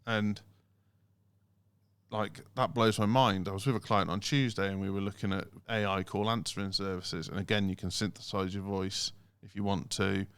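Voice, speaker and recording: A man co-hosting a casual podcast, animated and lively, breaking into mocking imitations of automated phone messages. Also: low voice, normal speed, clear, resonant tone. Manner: animated, mimics phone recordings in sing-song voices. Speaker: podcast co-host.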